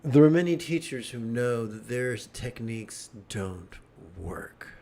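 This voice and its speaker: A man's voice: medium pitch, lively intonation, slow, creaky, mellow. A middle-aged man giving a livestreamed meditation talk, a wry, joking storyteller. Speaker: meditation teacher.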